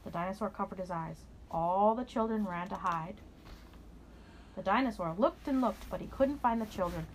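A woman reading a children's picture book aloud in an expressive storytelling voice. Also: mid-range voice, moderate pace, a little hiss or hum, rough recording.

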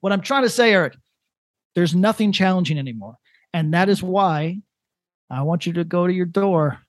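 A man on a casual podcast, ranting in a rambling, deadpan comic way, full of restarts. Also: high voice, moderate pace, dry recording. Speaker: podcast co-host. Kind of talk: casual chat.

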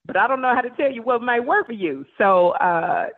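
A woman talk show host, a guest in a casual radio interview, telling stories in a playful, animated way. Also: a little high, a little fast. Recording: tinny phone line.

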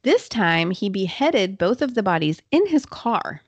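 A woman hosting a podcast, telling a true crime story in a casual, chatty way with quick asides and fillers. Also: medium pitch, big pitch swings, slightly rough, dry recording, lo-fi sound. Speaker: podcast host.

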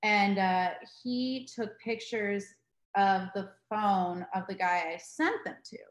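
A woman's voice: mid-range voice, slow pace. Young comedian woman, casual storyteller, roomy echo. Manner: storytelling, slips into silly voices. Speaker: comedian guest. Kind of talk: casual podcast chat.

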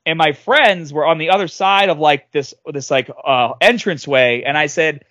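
A man in his late thirties tells a story on a podcast, his voice sitting a little high for a man. He is animated and loudly acts out the voices he quotes. The sound is dry and close to the mic. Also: moderate pace, no room sound. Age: 30s. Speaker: podcast guest. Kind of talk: casual storytelling.

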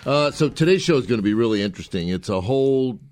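A man's voice: mid-range voice, animated, quick pace, a little mellow, faint music behind. A man co-hosting a radio food show, chatting casually, rambling and joking with many fillers and restarts.

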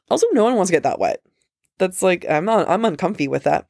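A woman co-hosting a book podcast in casual chat, talking with quick asides and frequent laughter. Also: lowish voice, darkish tone, no room sound, studio quality.

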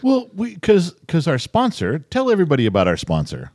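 Lively jokey man podcast co-host. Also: on the high side, a little fast, dry recording, clean studio sound. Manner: lively, jokey, acts out other people's lines. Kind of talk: casual chat.

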